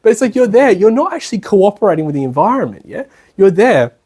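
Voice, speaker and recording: This spiritual lecturer, an Australian man, talks quickly in a slightly husky voice pitched a bit high for a man. His casual, colloquial talk in a retreat lecture room keeps checking in with the audience and slips into brief impressions of the people he mentions.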